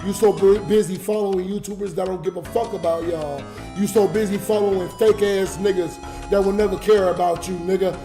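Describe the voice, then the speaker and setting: A man's voice: high voice, dark tone, echoey room. A drunk man crying and ranting on a livestream, swearing and talking straight to his viewers. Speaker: livestreamer and YouTube comedian. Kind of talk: emotional late-night livestream rant.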